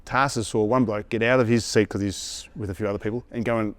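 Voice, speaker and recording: Dry, quick older coach. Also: male voice, on the low side, fairly even intonation, no room sound. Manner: dry, matter-of-fact anecdotes. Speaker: veteran boxing coach, guest. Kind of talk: casual interview chat.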